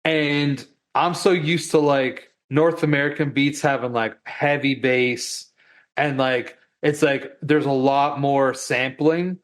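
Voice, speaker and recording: Man, podcast co-host, casual chat, rambling delivery, filler-heavy, mid-range pitch. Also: steady tone, slow pace.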